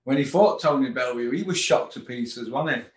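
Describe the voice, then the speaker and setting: A man's voice: medium pitch, animated, moderate pace. A middle-aged man, hosting a casual boxing rant full of sarcastic, mocking rhetorical questions. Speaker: boxing commentator host. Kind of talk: ranting casual monologue. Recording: roomy echo.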